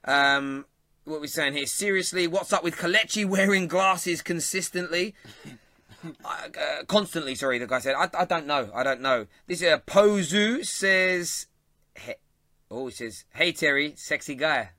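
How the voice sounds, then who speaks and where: A man with a London accent hosts a football show in a casual live-stream chat, reading viewer comments, bantering with chat and laughing often. His fairly high voice is a little slow and sharp-toned, in studio-quality sound with no echo.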